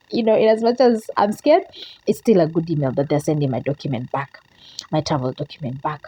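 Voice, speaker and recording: A woman's voice: low voice, fairly quick, dark tone, breathy edge, poor audio. A young woman vlogger telling a story to camera in a casual, emotional way, repeating herself and quoting her own prayers and phone calls.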